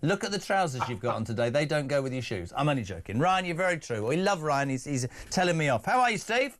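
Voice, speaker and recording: A middle-aged Englishman hosting a radio phone-in, animated and emphatic with jokey asides. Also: on the high side, fast. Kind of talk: opinionated talk radio. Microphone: studio microphone.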